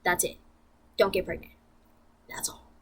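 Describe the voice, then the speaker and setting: A woman's voice: measured pace, slight background noise. Blunt, profane young woman venting. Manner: blunt and profane, rambling with many fillers. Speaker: vlogger. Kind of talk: casual venting to camera.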